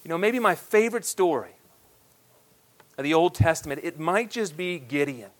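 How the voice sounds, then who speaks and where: A man in his thirties preaching a sermon, swinging between loud, emphatic declarations and hushed, quiet asides. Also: fairly high pitch, lively intonation, moderate pace. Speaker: pastor.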